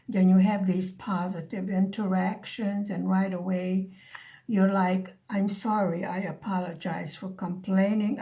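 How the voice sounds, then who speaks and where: A soft-spoken woman talks with her viewers as she works on a diamond painting, musing unhurriedly. Her pitch sits in a middle range and she takes her time over each thought. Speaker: craft vlogger. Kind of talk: casual chat while diamond painting. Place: living in Hungary, at home.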